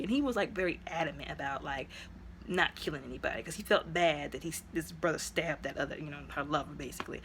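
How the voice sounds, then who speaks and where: A woman's voice: deep voice, quick pace, fairly bright tone, slight background noise. A woman reviewing a movie in a casual, chatty retelling, full of fillers, who acts out the characters' lines.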